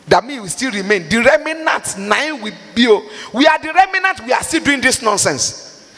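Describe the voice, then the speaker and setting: Fervent preacher man with a high voice in a big echoing hall. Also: very animated, normal speed, a bit bright. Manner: fervent, pleading, cries out and half-sings prayers. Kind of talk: impassioned sermon with Bible reading.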